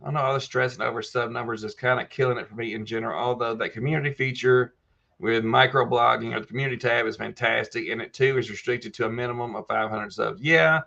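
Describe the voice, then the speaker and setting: A man's voice: mid-range voice, vocal fry, bright, forceful tone, lo-fi sound. A man hosting a casual live chat. He reads viewer comments aloud and answers them by name in a folksy way. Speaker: livestream host answering viewer questions.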